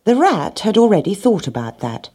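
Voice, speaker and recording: A woman with a mid-range voice reads a children's story aloud at a moderate pace, gently and expressively.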